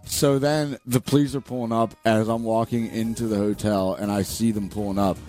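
Man, mellow warm voice, casual talk show, profane storytelling, acts out quotes, faint music behind. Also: on the low side, fairly even intonation, moderate pace.

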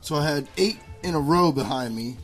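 High-voiced man telling a rowdy story. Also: normal speed, faint music behind. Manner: animated, acts out his own shouts. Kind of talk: casual profane storytelling.

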